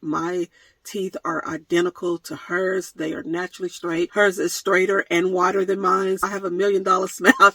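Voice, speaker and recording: Playful laughing woman vlogger, bright voice. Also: fairly low pitch, breathy edge, no echo, low-quality recording. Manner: playful, laughs often, mock-dramatic joking. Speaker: van life vlogger. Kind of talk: casual Q&A vlog. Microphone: phone camera.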